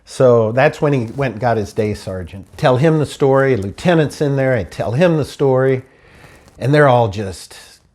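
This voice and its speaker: A man casually recounts the story of his stolen car, acting out each person's lines in turn. His voice is mid-range with a darkish tone, lively intonation, and a normal speed.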